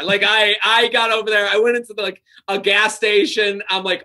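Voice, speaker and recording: A man in his thirties guesting on a podcast, talking in a high, bright voice. He tells his stories with animation and acts out what other people said. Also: quick pace, few pauses. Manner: animated storyteller who acts out quotes. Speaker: comedian guest. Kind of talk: casual podcast chat.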